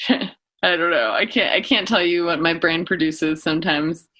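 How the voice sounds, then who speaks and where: Woman guest, casual chatter, giggly and rambling, bright forward tone. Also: on the low side, measured pace. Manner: giggly, rambling, slips into comic voices. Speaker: podcast guest. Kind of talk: casual chat.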